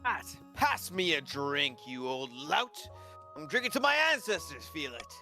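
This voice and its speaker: A man's voice: on the high side, very animated, unhurried, bright, forceful tone, faint music behind, exaggerated voice. A man playing a rowdy drinking clan chief. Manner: gruff, old-fashioned, boastful. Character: boisterous hard-drinking male northern clan chief.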